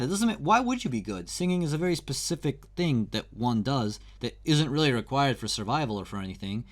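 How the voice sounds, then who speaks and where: A young man talks his way through a singing lesson with loose, conversational slang. He is candid and easygoing, speaking at an ordinary middle pitch. It sounds like an informal lesson addressed straight to the viewer. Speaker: singing teacher.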